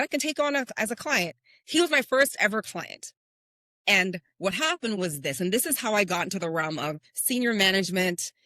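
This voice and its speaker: A woman's voice: fairly low pitch, a bit bright, no room sound, clean studio sound. A woman hosting a motivational podcast, speaking earnestly and telling stories with rhetorical questions. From Canada. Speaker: podcast host and confidence coach.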